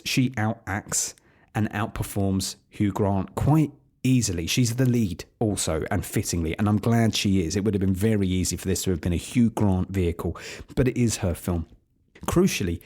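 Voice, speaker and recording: Wry, low-voiced male film reviewer. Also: darkish tone. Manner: wry, opinionated, sarcastic asides. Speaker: podcast host reviewing films. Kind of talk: solo film review commentary.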